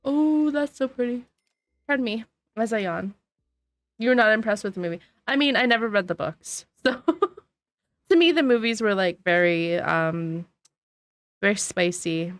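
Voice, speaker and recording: A woman's voice: mid-range voice, expressive, normal speed, dry recording. A woman streaming a game, chatting casually and answering her chat while sniffly and yawning. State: sniffly and sleepy. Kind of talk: casual gameplay commentary. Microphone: desk microphone.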